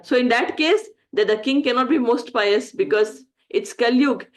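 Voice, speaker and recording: A woman leads a scripture class as a storyteller. Her voice sits fairly high, and she acts out the quoted lines with animated shifts in pitch. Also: moderate pace. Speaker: Gita class teacher. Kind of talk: storytelling lesson.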